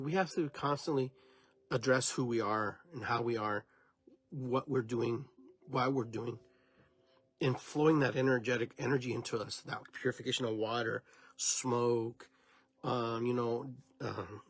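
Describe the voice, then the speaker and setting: Husky-voiced man giving a spiritual monologue. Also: mid-range voice, fairly even intonation, unhurried, no room sound. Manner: meandering, reflective, with many restarts. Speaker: podcast host. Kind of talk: spiritual talk, unscripted monologue.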